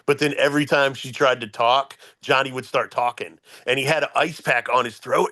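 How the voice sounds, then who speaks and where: A man co-hosting a casual wrestling talk show, retelling moments with deadpan humor. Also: medium pitch, a little fast, hardly any pauses, dry recording. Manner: storytelling, deadpan jokes. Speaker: wrestling podcast co-host. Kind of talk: casual chat.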